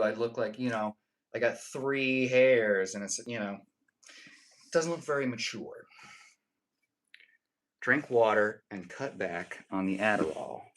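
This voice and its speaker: Bright-voiced male streamer chatting with viewers. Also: medium pitch, low-quality recording. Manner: joking, teasing, reads and answers chat. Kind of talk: casual live-stream chat.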